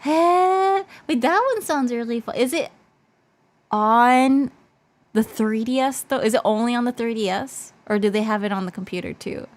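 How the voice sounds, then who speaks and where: A woman's voice: fairly high pitch, a little fast, few pauses, darkish tone. A woman streaming as a VTuber in casual chat, bubbly and talkative, her voice worn and fading. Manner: bubbly and chatty, switching between English and Japanese.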